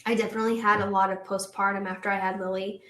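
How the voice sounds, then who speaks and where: A woman in her twenties telling a story in a casual chat, animated and full of "like"s and laughs. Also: medium pitch, rapid-fire, reverberant. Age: 20s. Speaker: guest, host's daughter.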